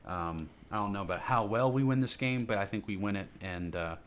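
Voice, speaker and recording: Podcast co-host, man, low and forceful voice, casual sports chat, measured. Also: slight background noise.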